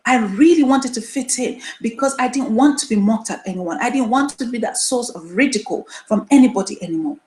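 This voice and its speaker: A woman's voice: fairly high pitch, expressive, a little fast, hardly any pauses, darkish tone, echoey room. Earnest woman hosting a live online show. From Nigeria. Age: 30s. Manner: earnest, emphatic, repeats phrases for stress. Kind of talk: solo live-stream talk to viewers.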